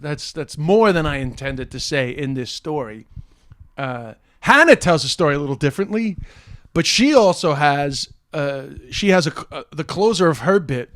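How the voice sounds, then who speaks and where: A middle-aged man who does comedy for a living talks straight to the camera, retelling a story as it really happened. His voice sits a little high and comes across dry and close, with no room around it. He restarts sentences constantly and keeps steering back with "but anyway". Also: no room sound. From United States. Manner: animated, builds to excited near-shouting at the punchline; self-correcting restarts, frequent "uh" and "but anyway".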